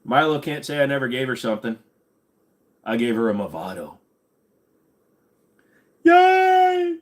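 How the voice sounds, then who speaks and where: A man hosting a casual livestream, talking bluntly and crudely, his voice tiring and going hoarse. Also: mid-range voice. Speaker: livestream host.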